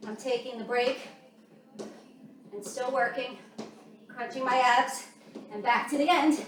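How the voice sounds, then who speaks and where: A high-voiced woman leads a workout while exercising alongside, out of breath as she counts down intervals and cues each move in an unhurried way. She sounds distant in a very echoey room, with music running underneath. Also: a little hiss or hum. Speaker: fitness instructor.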